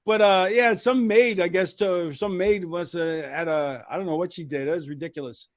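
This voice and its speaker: A man's voice: high voice, moderate pace, a little hiss or hum. A man guest telling stories in a rambling, casual way, with many restarts. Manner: rambling, restarts, lively retelling with voices. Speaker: retired wrestler guest. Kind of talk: casual storytelling.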